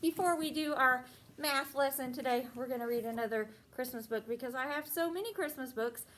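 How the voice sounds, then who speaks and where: A high-voiced young woman reads a picture book aloud to a small child, her voice rising and falling in a gentle sing-song. She pauses often to ask the child questions. A faint hiss of background noise sits under the recording. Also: low-quality recording. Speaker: teacher.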